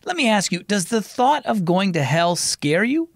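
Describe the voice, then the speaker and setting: A man's voice: high-pitched, very animated, normal speed, no room sound, studio quality. A man hosting a children's devotional program, narrating scripted stories in an upbeat, friendly way. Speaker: host.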